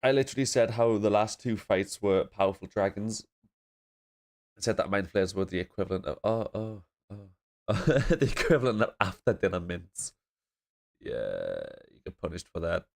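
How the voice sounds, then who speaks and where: A man from northeast England talks in a very low voice, stuffy with a blocked nose. He rambles casually, laughs often and swears freely while reacting to a show. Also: sing-song, moderate pace, creaky.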